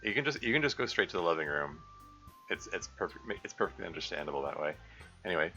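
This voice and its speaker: A man streaming a visual novel playthrough with low, bright-edged, sharp speech, chuckling and breaking off mid-thought. The audio is dull and lo-fi with faint game music underneath. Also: sing-song, fast talker. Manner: chuckling and self-interrupting. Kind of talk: live-stream playthrough commentary.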